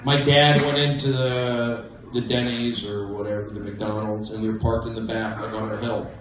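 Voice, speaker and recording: A man doing a stand-up comedy set in a comedy club, with a manic, erratic delivery that breaks into sudden loud outbursts. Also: on the low side, level tone, normal speed, muffled recording, slight background noise. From American Southwest. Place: comedy club main room. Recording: roomy, distant livestream audio with crowd laughter.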